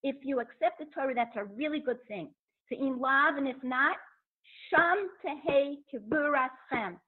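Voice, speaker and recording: Woman Torah teacher, high pitch, lively lecture delivery, narrow phone-line sound. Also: moderate pace. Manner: animated, acts out quotes.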